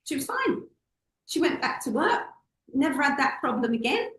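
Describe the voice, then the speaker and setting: This public speaking coach, a woman, is a guest in an interview, recounting anecdotes with lots of expression and performing the characters' voices. Her pitch is high and her pace moderate. The sound is roomy and rough, with a bit of hiss or hum.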